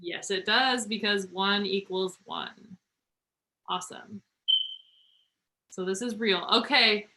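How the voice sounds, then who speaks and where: A woman tutoring students through a math problem online, encouraging them and talking through each step slowly. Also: mid-range voice, big pitch swings, pushed and bright, rough recording.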